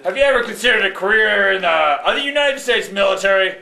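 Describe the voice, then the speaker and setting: In a live puppet show recorded in an echoey hall, a man voices a pushy, upbeat army recruiter puppet. His full character voice is high, animated, fast, creaky, pushed and bright. He persuades like a salesman, cheerleading the whole way.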